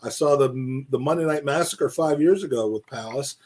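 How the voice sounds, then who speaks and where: A man co-hosts a casual football podcast in a mid-range, slightly husky voice. He rambles, restarts his sentences and doubles up words when he gets excited. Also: mid-range voice, moderate pace. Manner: rambling, repeats words, animated. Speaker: podcast co-host.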